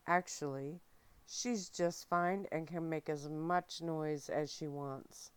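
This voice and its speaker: A woman reading as a calm, reassuring man. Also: low-pitched, takes it slowly, clean tone, no echo. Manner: gentle, explaining.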